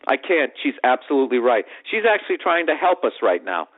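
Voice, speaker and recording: A man's voice: medium pitch, very animated, brisk. A man with a Boston accent telling a comic story on his podcast in a profane, exasperated ranting manner. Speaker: podcast host. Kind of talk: comedic storytelling monologue. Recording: tinny phone-like podcast audio.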